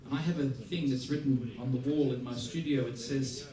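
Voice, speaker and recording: Man, music masterclass teacher, playful and animated, distant mic, echoey theater hall, audience around. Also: medium pitch, a little fast, few pauses, crowd noise. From Australia. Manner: lively, playful, acts out little scenes. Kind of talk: masterclass talk. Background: audience laughter.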